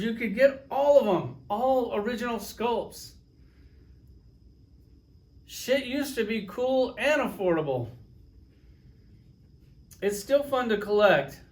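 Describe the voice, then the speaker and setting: A high-pitched man reviews collectible action figures in a casual vlog, sarcastic and profane, spinning little stories with acted-out quotes.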